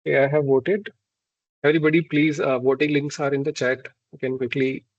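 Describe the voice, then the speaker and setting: A man with a slightly high voice hosts a club meeting over a video call. He speaks in a friendly, halting way, full of fillers. The call audio sounds dull and lo-fi. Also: level tone. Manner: hesitant, many fillers, friendly. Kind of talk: casual online meeting talk.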